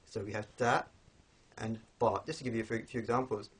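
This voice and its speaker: A lowish, slightly husky male voice, teaching a recorded lesson. He explains things patiently, pauses on fillers, and says each sound slowly and twice so you can copy it. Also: flat delivery. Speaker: language teacher.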